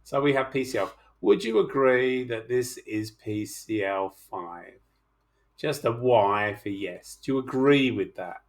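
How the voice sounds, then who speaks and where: Gravelly chatty male chemistry teacher. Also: medium pitch, expressive, measured pace. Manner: chatty, teasing, coaxing students. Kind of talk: online class walkthrough.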